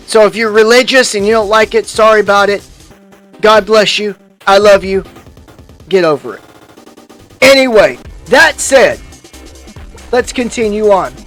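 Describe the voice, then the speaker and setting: A man's voice: sits high, a bit bright. A man hosting a YouTube commentary, delivering a heated, profane rant full of restarts and angry outbursts.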